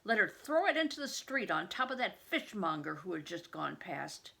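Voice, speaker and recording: A woman's voice: on the low side, very animated, moderate pace, gravelly, sharp tone, breathy edge. An older woman, a retired reading teacher, reading a storybook aloud and patiently stopping to explain words to children.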